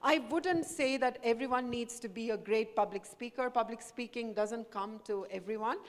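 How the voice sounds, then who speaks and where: Indian woman prof talking to students, earnest and encouraging, kinda high voice, long echo from a big hall. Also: moderate pace. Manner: earnest, encouraging, mixes Hindi into English. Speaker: guest speaker, professor. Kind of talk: talk to students. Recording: echoey hall with long reverb.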